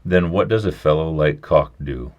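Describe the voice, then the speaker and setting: A man voicing a stubborn, folksy old country doctor who talks briskly and gruffly in a storybook reading. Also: very deep voice, darkish tone, lo-fi sound.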